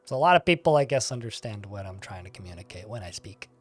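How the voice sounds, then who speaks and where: A man's voice: lowish voice, lively intonation, quick pace. A young man streaming a game and chatting casually with his viewers, with a dry, sarcastic-sounding way of talking. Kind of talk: casual livestream chat while gaming.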